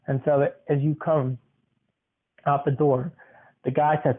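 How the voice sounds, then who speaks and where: A man's voice: on the high side, flat delivery, unhurried. A man hosting a podcast, narrating a role-play scenario and asking questions in a coaxing way. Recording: tinny phone-like sound.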